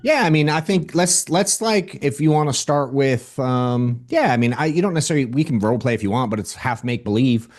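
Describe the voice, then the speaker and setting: Quick-talking host guy, blunt, swears a lot, says bro and dude. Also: mid-range voice, lively intonation, a little mellow. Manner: fast, blunt, profane, slangy. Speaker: podcast host, sales coach. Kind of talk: casual interview chat.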